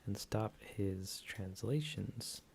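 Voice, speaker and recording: A man's voice: fairly low pitch, slow pace, vocal fry, a little mellow, a little hiss or hum. A man streaming live, thinking aloud as he edits a video, mumbling to himself with whispered asides and unfinished sentences.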